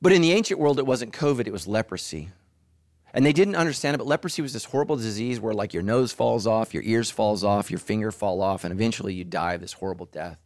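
A middle-aged man preaching a sermon as pastor, animated, who leaps into high mocking voices for asides. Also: fast talker, dry recording, clean studio sound.

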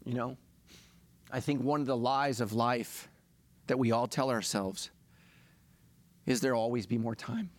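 A man's voice: medium pitch, fairly even intonation, a little slow, long pauses, no room sound. A middle-aged man, a pastor, preaching a sermon in a confessional, self-deprecating way that builds to impassioned preaching.

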